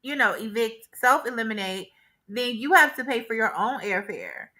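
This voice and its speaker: A woman's voice: a little high, very animated, moderate pace, sharp tone. A woman co-hosting a casual recap chat, talking animatedly with frequent laughter and acting out quoted dialogue. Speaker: co-host.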